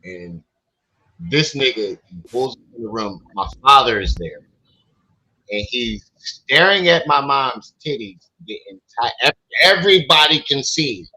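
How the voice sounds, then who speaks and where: A man's voice: mid-range voice, expressive, measured pace, pushed and bright, rough recording. A man hosting a livestream, telling profane stories in casual chat and acting out what other people said. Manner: profane, storytelling, acts out quotes. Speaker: livestream host.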